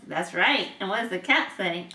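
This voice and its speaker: Bright, lively mother reading to a toddler. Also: mid-range voice. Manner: slow, patient, lively questioning with playful animal noises. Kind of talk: reading picture books aloud to a toddler. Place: home room. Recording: roomy home video from a distance.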